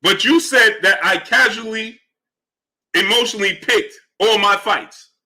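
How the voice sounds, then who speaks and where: Bright-voiced, combative boxing streamer. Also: male voice, sits high, a little slow. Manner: argumentative, greets chatters by name. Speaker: livestream host. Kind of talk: live chat boxing talk.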